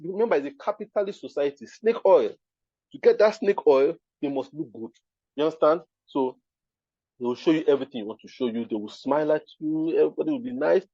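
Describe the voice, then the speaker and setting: A man with a Nigerian accent gives an emphatic live talk at a design event, repeatedly asking the audience "you understand?" His voice is mellow and on the high side. The recording is dry, with the highs cut off.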